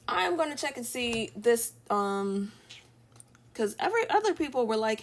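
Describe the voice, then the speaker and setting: A woman's voice: fairly high pitch, very animated, normal speed. A young woman chatting casually while she draws on a live stream at home, rambling and laughing often. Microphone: streaming from an iPad.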